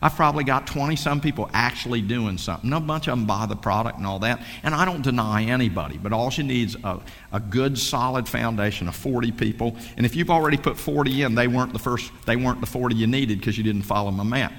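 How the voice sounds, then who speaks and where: Man, mid-pitched, preachy folksy sales pitch, long hall reverb. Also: fast, hardly any pauses, fairly bright tone. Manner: fervent, folksy, repetitive, preachy. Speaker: speaker at a sales meeting. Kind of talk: motivational sales talk.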